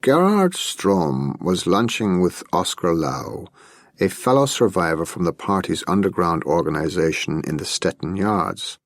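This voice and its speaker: A man narrating an audiobook thriller with steady, scripted storytelling. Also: low voice, measured pace, no echo.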